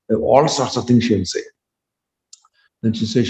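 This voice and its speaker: A man's voice: medium pitch, normal speed, pauses often, lo-fi sound. Man telling a story in an echoey hall. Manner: animated storytelling with acted quotes. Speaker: spiritual teacher. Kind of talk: sermon storytelling. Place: temple hall.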